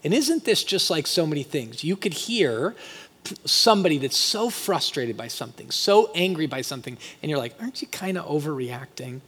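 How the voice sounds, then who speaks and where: Male pastor, slightly high voice, conversational sermon with loud emphatic bursts, long hall reverb. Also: very animated, normal speed, husky. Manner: conversational preaching, swings from quiet asides to loud emphatic peaks.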